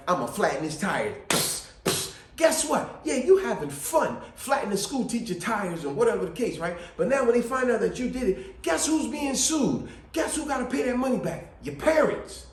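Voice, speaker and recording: Host type: man, high and lively voice, preachy advice talk, roomy echo. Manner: animated, preachy, repeats phrases. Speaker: video host. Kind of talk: casual family advice talk.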